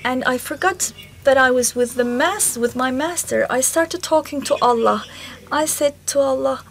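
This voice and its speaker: A woman speaking at a symposium in a concert hall, slowly and haltingly recalling a spiritual encounter in the first person. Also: sits high. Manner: slow, halting storytelling with pauses.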